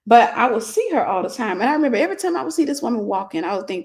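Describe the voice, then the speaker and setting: A woman's voice: on the high side, sing-song, racing, darkish tone. A woman minister in her forties telling a personal story in a casual livestream sermon, greeting viewers by name.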